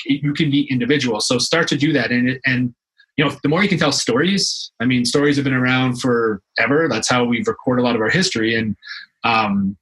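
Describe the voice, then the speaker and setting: A man's voice: mid-range voice, fairly bright tone, low-quality recording. A young adult man from Canada, a fitness professional guest in a casual interview, telling stories animatedly with frequent restarts and fillers.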